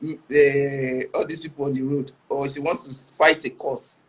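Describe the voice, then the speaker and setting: Guest husband: mid-pitched husky man, halting, reflective, stumbles and restarts. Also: level tone, low-quality recording. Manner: halting, many restarts and laughs. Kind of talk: casual interview chat.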